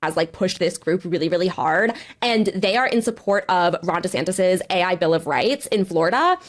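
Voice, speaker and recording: A woman's voice: lowish voice, animated, moderate pace. A woman podcaster and newsletter writer, laying out facts in an indignant way. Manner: fact-laden, indignant. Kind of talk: casual podcast conversation.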